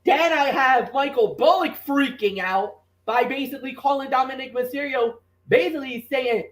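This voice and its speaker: A man hosting a podcast, recapping a wrestling show in a lively storytelling manner and acting out his own commentary calls. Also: very high voice, moderate pace, few pauses. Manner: animated storytelling, reenacts commentary. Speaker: podcast host. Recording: roomy, distant from the mic.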